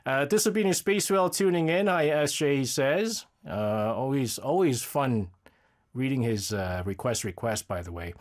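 A man's voice: mid-range voice, lively intonation, normal speed. A man hosting a radio show, chatting casually and rambling while reading listener messages, often laughing. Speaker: radio host.

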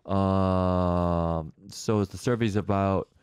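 Guy on a podcast, lowish voice, dry sound, kinda halting. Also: steady tone, darkish tone, clear, resonant tone, dry recording. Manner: earnest, restarts words, halting English. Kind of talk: casual chat.

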